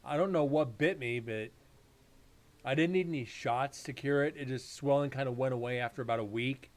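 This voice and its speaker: A man's voice: medium pitch, normal speed. A man hosting a live paranormal stream, telling rambling, profane stories in casual chat.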